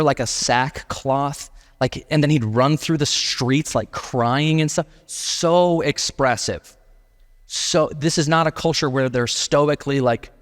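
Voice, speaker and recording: A man's voice: medium pitch, big-room sound. A male pastor preaching a sermon in a casual, emphatic way, often saying "like". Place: church sanctuary.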